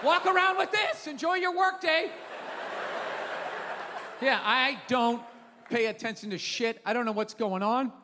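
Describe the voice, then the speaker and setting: A middle-aged man doing a stand-up comedy rant, profane and exasperated, breaking into shouts. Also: very high-pitched, measured pace, pauses often, heavy background noise. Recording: reverberant theater stage.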